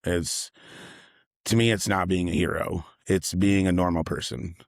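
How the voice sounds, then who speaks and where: A young man with a very low voice recounts a personal story in a casual, rambling way. His delivery stays even and level, and he keeps circling back to repeat himself. The sound is dry and close. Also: measured pace, dry recording. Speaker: delivery driver.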